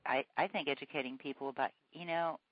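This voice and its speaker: A man's voice: on the high side, fairly even intonation, fast, dry recording. A man hosting a casual chat about dogs, enthusiastic and agreeable. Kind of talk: casual conversation. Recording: muffled lo-fi sound.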